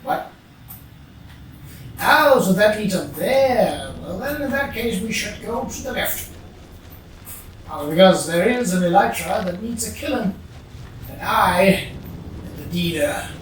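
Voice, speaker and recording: Slow muttery let's play voice, kinda far from the mic, super echoey room, faint hiss. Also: mid-range voice, animated. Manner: musing, mutters to self, hums. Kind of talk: casual gameplay commentary.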